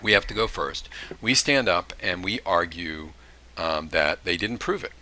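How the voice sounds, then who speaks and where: A man's voice: deep voice, lively intonation, unhurried, pushed and bright. A man teaching criminal justice in a recorded lecture, talking casually and acting out short examples. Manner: conversational, with acted-out examples and asides.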